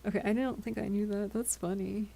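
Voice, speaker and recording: A woman's voice: mid-range voice, steady tone, fairly quick, creaky, mellow. A tired woman chatting casually with her viewers on a live stream, giggly and often tripping over her words. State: tired, yawning.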